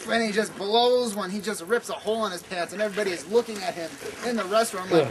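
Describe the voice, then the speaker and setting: A man telling a comic story at a campfire, animated with many stammering restarts. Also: high voice, quick pace, a crowd in the background. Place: outdoor campfire at night. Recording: noisy outdoor camp recording.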